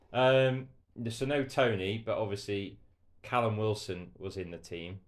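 This English podcast host has a fairly low voice and a measured pace. He chats loosely about football, laughing a lot and making jokes at his own expense.

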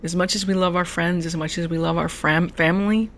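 A podcast host speaks alone into a podcast mic, sharing something personal and emotional. His middle-pitched voice is gravelly and fry-edged yet a bit bright, with a steady tone and a fairly quick pace, and he frequently repeats and restarts words.

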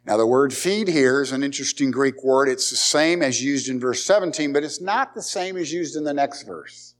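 A man's voice: mid-range voice, moderate pace. A man preaching a sermon as pastor, emphatic, repeating key words and asking the congregation rhetorical questions.

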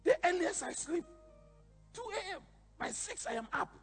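A bishop preaching a sermon, telling animated stories with sudden shouted emphasis. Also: male voice, very high voice, normal speed, in a large hall, faint music behind.

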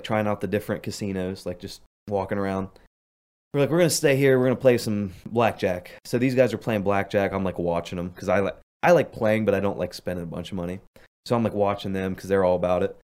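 Young dude rambling a story, kinda low voice, says like a lot. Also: male voice, a little mellow. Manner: rambling storyteller, lots of "like", laughs often. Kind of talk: casual chat.

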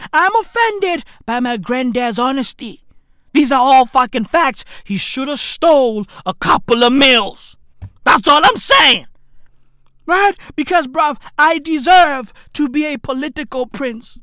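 A woman delivering a brash, slang-filled comedic rant with shouted bursts. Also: high voice, animated, unhurried, no room sound, studio quality. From South Africa.

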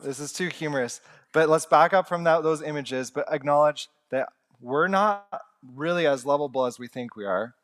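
A man's voice: fairly high pitch, a bit bright. A young man preaching a sermon in an earnest, conversational way with humorous asides.

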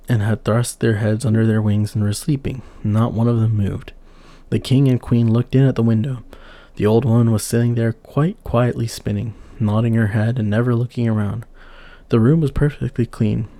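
Gravelly, dark-voiced male storyteller. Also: mid-range voice, no room sound. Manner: steady, unhurried reading of an old tale. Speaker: narrator. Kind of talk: storybook narration.

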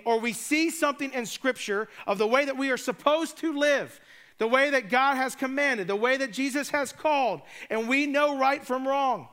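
A man's voice: extremely high pitch, pushed and bright, smooth. A man preaching a sermon, retelling scripture in a casual, joking way with conversational asides. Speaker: pastor.

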